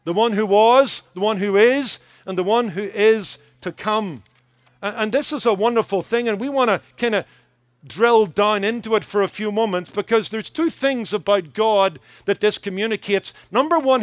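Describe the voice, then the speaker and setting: A man's voice: high voice, normal speed, no echo. A man preaching a sermon as pastor, earnest and emphatic, building points through rhythmic repetition.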